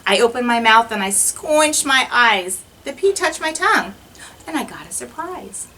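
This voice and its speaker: A woman teacher reads a rhyming picture book aloud in a bright, clear voice. Her pitch swings widely as she carries the verses with a sing-song lilt. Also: animated, normal speed, far from the mic, slight background noise, rough recording.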